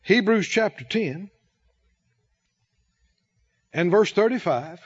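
A man's voice: high voice, animated, slow pace, husky, muffled recording. A man preaching a sermon in church, quoting scripture and calling on the congregation to answer him. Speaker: pastor.

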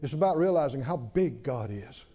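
A man preaching a sermon in an animated, storytelling way, often chuckling. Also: mid-range voice, moderate pace, slightly rough, big-room sound, muffled recording.

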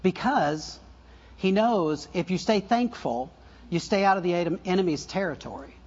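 Raspy-voiced older preacher. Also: male voice, high voice, normal speed, muffled recording. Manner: conversational preaching with asides and self-corrections; laughs softly at his own stories. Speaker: pastor. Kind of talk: sermon.

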